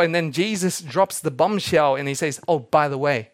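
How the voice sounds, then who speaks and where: Animated young man preaching a sermon. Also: fairly high pitch, normal speed, hardly any pauses. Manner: animated storytelling, acting out quoted characters. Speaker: pastor.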